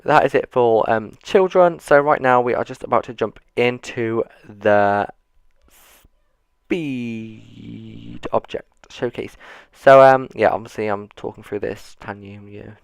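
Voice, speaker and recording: A man's voice: mid-range voice, takes it slowly, vocal fry, clean tone, dry recording. A man giving casual, rambling commentary on a video game, with self-mocking, dryly sarcastic asides, seated at his computer. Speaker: gaming YouTuber.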